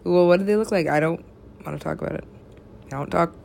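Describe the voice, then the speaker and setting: A woman's voice: on the low side, fast, creaky, darkish tone. A young woman in casual chat with friends, rambling, laughing often and swearing freely.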